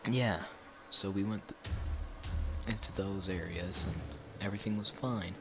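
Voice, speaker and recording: Low-voiced man rambling through a story. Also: measured pace, over music. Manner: rambling, many fillers and restarts. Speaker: YouTuber. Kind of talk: casual storytime narration.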